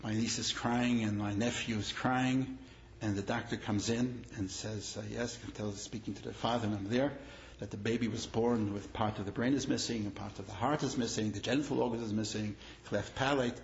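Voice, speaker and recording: A man's voice: lowish voice, fairly even intonation, fairly quick, vocal fry. A man, a rabbi, giving a lecture built on personal stories, repeating his phrases and growing emphatic as he tells them. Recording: echoey room, dull lo-fi sound, faint noise.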